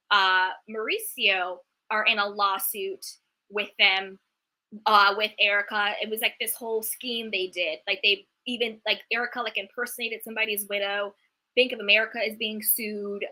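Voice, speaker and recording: Bright-voiced woman ranting indignantly. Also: medium pitch. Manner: indignant, animated, talks fast with filler "like". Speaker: reality TV recap host. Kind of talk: heated commentary rant.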